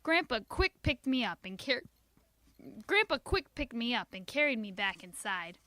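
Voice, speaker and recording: A woman reads a children's book aloud in a high, bright voice. Her telling is expressive and sing-song, swooping up and down. It is recorded close and dry. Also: normal speed, no echo. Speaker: reader.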